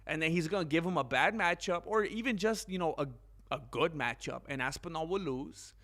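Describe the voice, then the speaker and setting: A man's voice: on the high side, animated, brisk, fairly bright tone. A man hosting a casual combat sports news vlog, rambling and slangy, calling his viewers "bro". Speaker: channel host.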